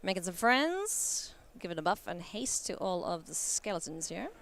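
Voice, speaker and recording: A woman doing live card game commentary at a tournament, playful and quick to laugh. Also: a little hiss or hum. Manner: playful, laughs often, animated swings in pitch. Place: convention hall.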